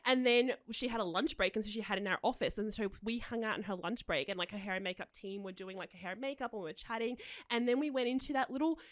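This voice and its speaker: Fast-talking woman podcast host. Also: medium pitch, no echo. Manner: fast, excitable storytelling with laughs. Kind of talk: casual chat.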